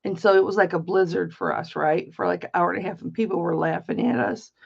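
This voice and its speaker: On a casual livestream, a middle-aged woman from Michigan hosts an online auction and rambles through a story, blunt, chatty and swearing freely. Her lowish voice is slightly rough with vocal fry, moving at a quick pace in a steady tone. The stream sound is slightly dull and lo-fi.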